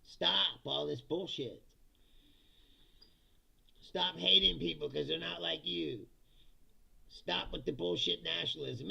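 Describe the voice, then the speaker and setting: Middle-aged male streamer, high bright gravelly voice, profane and jokey, slightly dull lo-fi audio. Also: slow pace, pauses often. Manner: laughs often, profane, reads chat comments aloud and answers. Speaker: livestream host reading chat. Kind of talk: casual ranting political comedy stream.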